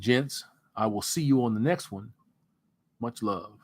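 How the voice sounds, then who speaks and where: A man hosting a casual livestream, reading out viewer comments in a relaxed, rambling way before sliding into an earnest pep talk. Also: medium pitch, unhurried, no echo. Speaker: livestream host.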